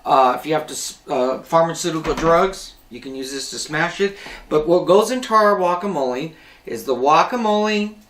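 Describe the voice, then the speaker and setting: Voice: mid-range voice, normal speed, fairly bright tone, distant mic. Chatty home cook in a roomy kitchen. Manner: chatty, rambling, self-correcting. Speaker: cooking show host. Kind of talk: casual cooking demonstration.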